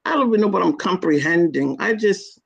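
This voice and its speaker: A woman's voice: fairly low pitch, lively intonation, fairly quick, vocal fry, breathy edge. A woman telling her own story as an interview guest, earnest and emotional, acting out her past words. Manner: earnest, retells her own quoted words with rising intensity. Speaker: guest sharing her kidney disease story.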